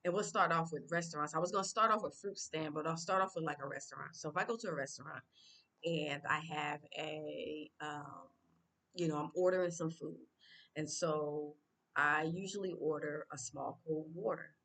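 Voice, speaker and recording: Low-pitched american lady chatting on her vlog, lots of uhs and restarts. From United States. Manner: unscripted, halting with many fillers and restarts; speaks Swahili phrases louder and higher. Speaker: vlogger. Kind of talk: casual vlog talk.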